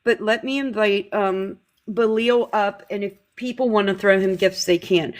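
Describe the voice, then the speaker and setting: A woman hosting a livestream talks with heartfelt intensity. She often trips over her words and starts again, pressing each point with conviction. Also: mid-range voice. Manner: earnest, impassioned, halting restarts. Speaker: livestream host. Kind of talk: emotional livestream talk.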